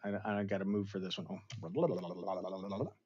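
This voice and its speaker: A man hosting a casual episode review, animated and chatty, often slipping into playful voices for the characters. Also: low-pitched, takes it slowly, breathy edge. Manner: animated, acts out characters' lines in funny voices. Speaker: show host. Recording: slightly dull, lo-fi sound.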